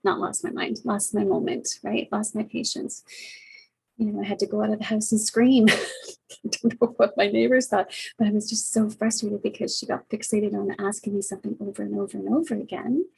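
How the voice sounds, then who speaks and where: A woman's voice: mid-range voice, steady tone, brisk, creaky, a little mellow, slightly rough, low-quality recording. A middle-aged woman vlogging to her webcam as a caregiver, talking earnestly and reflectively with many fillers. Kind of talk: casual heartfelt talk to camera. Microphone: webcam, facing camera.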